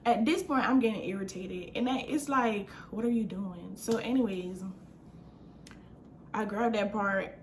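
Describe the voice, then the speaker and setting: A young adult woman vlogger telling a storytime in a casual, slangy, animated way, acting out what people said. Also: mid-range voice, a little slow, pauses often, a little hiss or hum. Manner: animated, slangy, acts out quotes.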